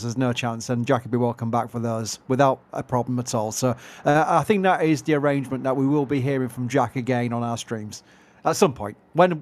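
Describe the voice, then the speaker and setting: A man with a Yorkshire accent chatting casually and self-deprecatingly as a livestream co-host. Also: medium pitch. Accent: Yorkshire English. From England. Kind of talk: casual live-stream chat.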